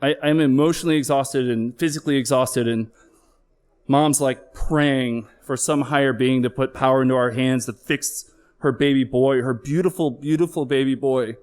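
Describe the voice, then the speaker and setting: A man's voice: mid-range voice, fairly even intonation, moderate pace, darkish tone. A middle-aged man, a flight paramedic, telling a candid personal story on stage with earnest emotional swells.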